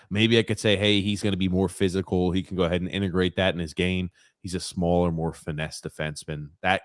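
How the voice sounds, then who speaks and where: A man's voice: deep voice, no echo, studio quality. A man co-hosting a casual sports podcast, chatting and reading out viewer comments. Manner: reads out live chat comments. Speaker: podcast co-host.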